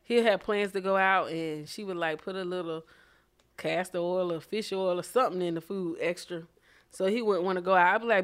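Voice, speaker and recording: A woman's voice: on the low side, steady tone, a little fast, clear, resonant tone. A woman co-hosting a casual chat, blunt and profane, who laughs often. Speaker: podcast co-host.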